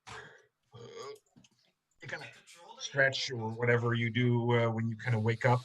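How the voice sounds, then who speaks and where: A man narrating a tabletop game as game master, in slow, halting narration with many fillers. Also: mid-range voice, little pitch movement, a bit bright, dull audio.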